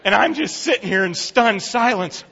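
A male pastor preaching a sermon, telling a vivid story and then making an earnest, hushed appeal. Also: sits high, animated, normal speed, vocal fry, slightly rough. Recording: echoey church hall, dull lo-fi sound.

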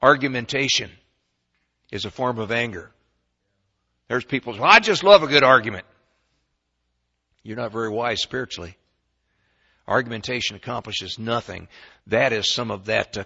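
Male preacher, sermon, folksy, forceful tone, slightly dull recording. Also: lowish voice, moderate pace, creaky, slightly rough. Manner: folksy storytelling, swings from quiet to loud bursts.

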